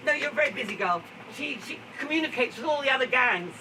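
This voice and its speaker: A man's voice: very high-pitched, animated, fast talker, pushed and bright. A man giving a chatty, theatrical live storytelling performance at an outdoor garden event, often breaking into laughter. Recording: distant, noisy outdoor recording.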